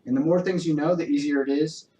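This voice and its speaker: A man working as a dog trainer, calmly explaining training steps in a clear, encouraging way during a live demonstration. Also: fairly high pitch, fast, distant mic. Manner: calm, encouraging, explains step by step. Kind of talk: instructional talk with live demonstration. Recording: roomy echo.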